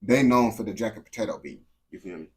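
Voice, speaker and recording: A young man, a streamer, chatting casually with a game character in heavy slang, swinging between low mumbles and excited yelling. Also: quick pace.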